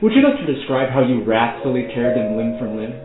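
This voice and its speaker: A man as game master, narrating a tabletop game to the players in a slow, hushed, dramatic second-person voice, over tinny, echoey audio. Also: medium pitch, animated, loud music behind the voice.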